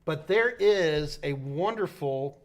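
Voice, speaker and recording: Man, New York accent, fairly high voice, loose joking live Q&A host. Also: expressive, slow pace. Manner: loose, joking, thinks aloud with restarts. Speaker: host answering tech questions. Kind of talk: live Q&A stream.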